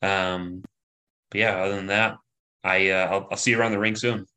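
A man hosting a casual podcast, relaxed and quick to laugh. His voice sits on the low side but has a bright, forward edge. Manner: laid-back, laughs easily. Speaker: podcast host, coach.

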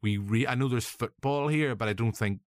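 A man's voice: mid-range voice, a little fast, dry recording. A man co-hosting a casual film review chat, enthusiastic and quoting lines from the film in put-on voices. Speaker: podcast co-host.

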